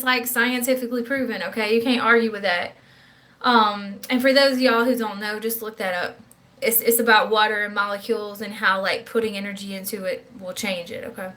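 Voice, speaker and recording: A woman's voice: on the high side, sharp tone. A young woman with a Southern accent, talking bluntly and with plenty of profanity in a casual vlog, often asking "okay?". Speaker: vlogger.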